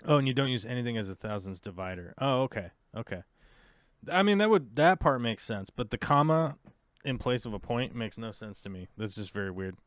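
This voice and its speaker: A man's voice: medium pitch, animated, brisk, no echo, clean studio sound. An American man hosting a livestream, chatting casually and rambling with lots of fillers as he reads viewer comments. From United States. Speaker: livestream host.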